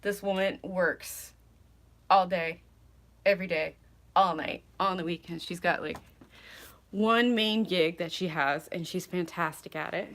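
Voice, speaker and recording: A woman's voice: lowish voice, a little slow, fairly bright tone. A woman in her thirties from Canada, chatting casually while unpacking groceries at home, rambling and often apologizing with a self-deprecating edge. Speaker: vlogger. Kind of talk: casual live vlog chat. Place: home, moving between rooms.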